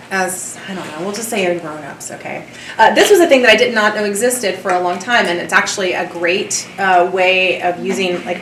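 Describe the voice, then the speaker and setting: A woman with a Southern US accent gives a lively university lecture and chats with her audience, laughing often. She sounds distant, picked up from across an echoey lecture hall. Faint background noise sits under her voice. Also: medium pitch. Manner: chatty, animated, laughs often. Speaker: theatre professor giving a lecture.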